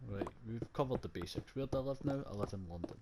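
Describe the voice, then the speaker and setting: A man's voice: on the low side, lively intonation, quick pace. A young Scottish man chatting casually while playing a game, rambling, jokey and full of swearing. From Scotland. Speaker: gaming vlogger. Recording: loud background noise.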